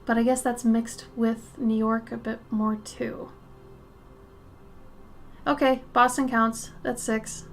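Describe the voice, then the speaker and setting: A woman chatting casually as she draws on a live stream, thinking aloud, answering chat and sometimes dropping to a soft murmur. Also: fairly high pitch, flat delivery, slow, pauses often, faint music behind. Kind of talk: casual chat while drawing.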